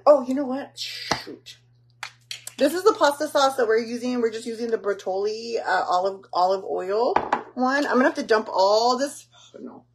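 A home cook vlogger with a medium-pitched voice chats casually while walking through a home recipe, with a little hiss or hum in the audio. Her cooking tutorial rambles, full of fillers, and she teases herself along the way.

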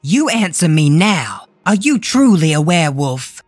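Monster matriarch, read by a woman: genteel, icy, low voice with wide melodic sweeps, faint music under it. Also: big pitch swings, unhurried, no echo, studio quality, exaggerated voice. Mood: menacing. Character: eerie old-fashioned female monster matriarch, calm and menacing.

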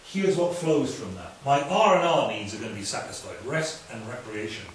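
Brief: male preacher, chatty lively sermon, recorded from afar in a very echoey hall with faint noise. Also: medium pitch, far from the mic. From Wales. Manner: lively, conversational preaching with asides and quick humor.

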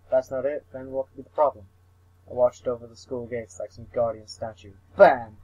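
A man's voice: medium pitch, fairly even intonation, brisk, darkish tone, no room sound, muffled recording. A young man reading a visual novel aloud for laughs, mumbling, tripping over words and swearing at himself. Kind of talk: comic read-through of a visual novel.

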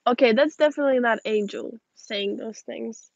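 A young woman, tired and yawning, reading viewer questions aloud and chatting back in a relaxed way on a livestream outdoors. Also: fairly high pitch, normal speed, creaky, no echo, muffled recording. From Russian-speaking family. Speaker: livestream host. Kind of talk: casual livestream chat reading comments.

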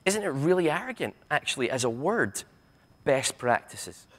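A man's voice: fairly high pitch, sing-song, a bit bright. Blunt, sarcastic Glaswegian man. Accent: Scottish, Glaswegian. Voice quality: sarcastic, blunt, swears freely. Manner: impassioned, stammering restarts, rapid asides. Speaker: keynote speaker. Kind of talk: conference keynote. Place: university conference hall.

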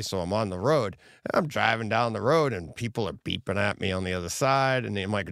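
Lively gravelly man telling stories. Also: on the low side, fairly quick, dry recording, clean studio sound. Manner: animated storyteller, acts out quotes with laughter. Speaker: co-host. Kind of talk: casual podcast chat.

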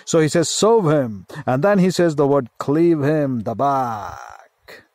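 A man's voice: fairly high pitch, animated, a little slow, a little mellow, no echo. A man preaching a sermon, teaching with emphatic repetition and Hebrew word studies.

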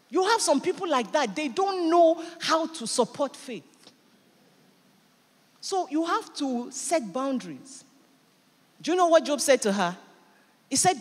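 A woman pastor preaching a sermon in church, animated and emphatic, with sudden bursts of loudness. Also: high-pitched, moderate pace, in a large hall. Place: church hall.

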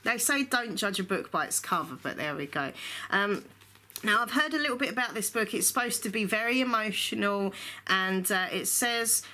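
A woman chatting casually in a home book vlog, rambling and gushing with excitement. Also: medium pitch, moderate pace. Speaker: book vlogger. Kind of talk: casual book haul chat. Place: indoor room at home.

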